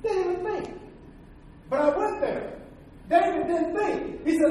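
A man's voice: very high voice, unhurried, mellow. A man telling a story from his own life as a sermon testimony, emphatic and folksy, with preaching asides. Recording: very echoey hall, from far off, faint noise.

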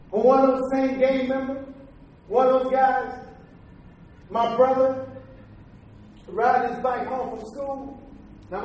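A man's voice: very high-pitched, darkish tone. A man telling a story from his own life as a sermon testimony, emphatic and folksy, with preaching asides. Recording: very echoey hall, from far off, faint noise.

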